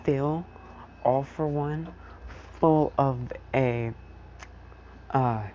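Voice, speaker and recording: A man telling an improvised fan story in a slow, rambling way, dropping "you know" into nearly every line. His tone is mellow and unhurried. The recording is dull and lo-fi with a faint hiss of noise. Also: mid-range voice. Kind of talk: casual improvised story narration.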